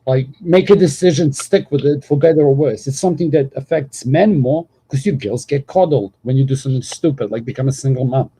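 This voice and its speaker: A man's voice: mid-range voice, a little fast, hardly any pauses, mellow, slightly rough, low-quality recording. A man hosting a call-in panel, rambling casually and filling his talk with "like.". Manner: rambling, peppers speech with "like". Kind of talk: casual argumentative chat.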